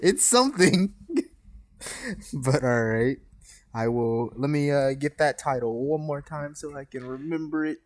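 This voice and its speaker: Lively, laughing male co-host. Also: mid-range voice, a little slow. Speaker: podcast co-host. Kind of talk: casual chat.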